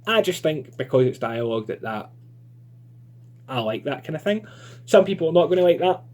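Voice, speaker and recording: A man's voice: fairly high pitch, lively intonation, a little fast, darkish tone. A man giving a chatty, informal online creative writing lesson. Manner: chatty and informal, lots of fillers.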